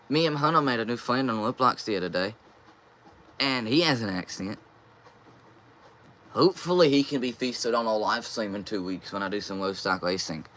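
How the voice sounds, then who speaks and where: Bright-voiced young man. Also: mid-range voice, slight background noise. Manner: reads viewer comments aloud and answers them. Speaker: live stream host. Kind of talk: casual live stream chat, reading comments.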